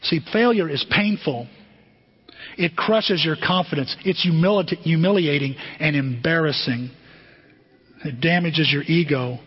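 Animated pastor preaching in a reverberant hall. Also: male voice, on the high side, breathy edge. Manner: animated, conversational, asks the congregation questions. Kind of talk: sermon. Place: church sanctuary. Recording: dull, muffled sermon recording with long hall reverb.

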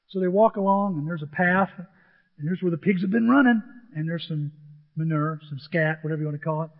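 A man telling a humorous story to an audience in an animated, chatty way, often repeating himself. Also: fairly high pitch, a little fast. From grew up on a farm. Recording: dull, with long hall reverb.

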